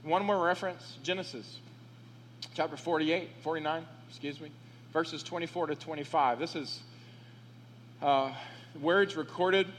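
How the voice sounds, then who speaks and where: A man with a high voice preaching a sermon at a slow, deliberate pace. He reads scripture with weight and presses his points with fervor. The recording carries a long reverb from the sanctuary and a faint hum underneath. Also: fairly bright tone. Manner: slow, emphatic scripture reading with rising fervor. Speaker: pastor.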